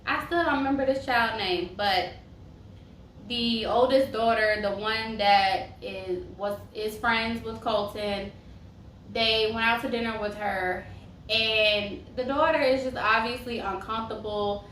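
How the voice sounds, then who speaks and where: A woman's voice: a little high, fairly even intonation, unhurried, fairly bright tone. A young woman chatting casually as she reviews a reality TV show, sassy and full of tangents. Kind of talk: casual chat. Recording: roomy echo, mic far off, faint hiss.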